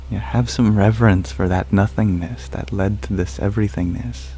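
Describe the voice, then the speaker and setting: A man speaking softly and calmly as an ASMR livestream host, answering viewer questions. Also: fairly low pitch, normal speed, faint music behind. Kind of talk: soft-spoken ASMR livestream chat.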